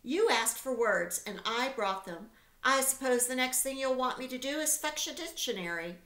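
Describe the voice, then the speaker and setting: A woman's voice: high voice, animated, moderate pace, bright, forceful tone, voice pushed up. A woman voicing a sarcastic, put-upon male barn rat who grumbles about his errands, recorded with a roomy echo. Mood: indignant.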